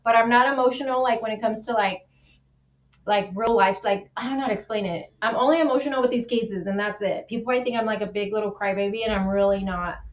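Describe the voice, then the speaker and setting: A woman's voice: mid-range voice, quick pace. A woman hosting a livestream in casual chat, emotional and tearful, rambling with many restarts. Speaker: livestream host. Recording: roomy, dull lo-fi stream audio.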